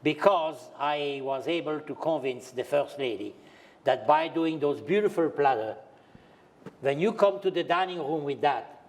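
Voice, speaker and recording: Older french guy with a high voice, chuckly storyteller, broken-ish english. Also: unhurried. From France. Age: 70s. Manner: lively raconteur, chuckling, non-native grammar. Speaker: retired pastry chef, interview guest. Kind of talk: anecdotal storytelling on stage.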